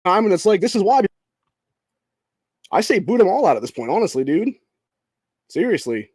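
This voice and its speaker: A man's voice: high voice, very animated, moderate pace, a little mellow, husky, no room sound, clean studio sound. A young man from Ohio hosting a political show, ranting heatedly and profanely, calling listeners "dude" and "bro". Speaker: political podcast host. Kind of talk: angry political rant.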